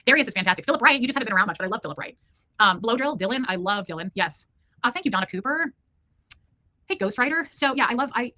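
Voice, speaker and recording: A woman's voice: medium pitch, pushed and bright. A woman hosting a casual livestream from home, reading viewers' comments aloud and chatting affectionately with them. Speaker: livestream host reading chat.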